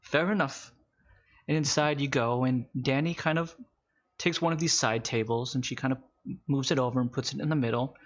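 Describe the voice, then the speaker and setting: A man running a tabletop game as game master, narrating casually with fillers and slowing down for calm scenes. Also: mid-range voice, muffled recording.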